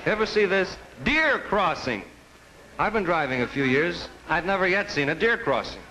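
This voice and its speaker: A man doing a stand-up set in a dry, deadpan way, with a voice pitched a bit high. The recording is an old broadcast with steady noise underneath. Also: brisk, poor audio. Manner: deadpan storytelling, acts out sign voices. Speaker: stand-up comedian. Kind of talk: stand-up routine.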